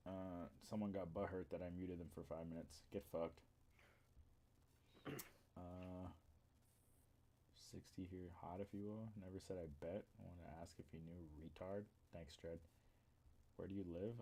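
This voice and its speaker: Low-voiced swearing male streamer. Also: moderate pace, long pauses, dark tone. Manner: crude, boastful, swears a lot; talks to chat between jokes. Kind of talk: casual chat with friends on a live stream.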